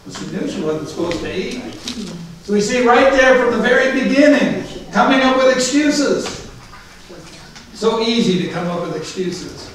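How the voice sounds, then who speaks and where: A man's voice: very high voice, expressive, moderate pace. A male pastor preaching a sermon in a conversational way, putting questions to the congregation. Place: church. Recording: echoey church from far off.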